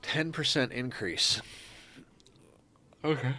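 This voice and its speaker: A man's voice: lowish voice, expressive, normal speed, sharp tone, no room sound. A man streaming a strategy game, thinking aloud in a rambling, casual way with frequent restarts. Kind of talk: casual gameplay commentary.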